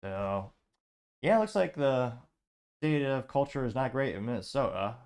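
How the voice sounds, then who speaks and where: A man's voice: medium pitch, lively intonation, moderate pace, darkish tone, smooth. A man hosting a commentary show, reading social media posts aloud and adding offhand remarks. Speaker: show host.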